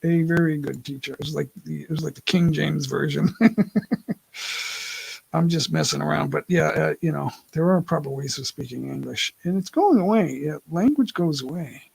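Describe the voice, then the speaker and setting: A man hosting a casual livestream, his slightly raised voice heavily gravelly and husky. He talks in loose, rambling runs and keeps correcting himself mid-sentence. The sound is dry and close, with no room around it. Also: fairly high pitch, moderate pace, darkish tone, dry recording, poor audio. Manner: rambling, self-correcting, laughs often. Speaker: livestream host. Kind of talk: casual live-stream chat. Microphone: laptop mic.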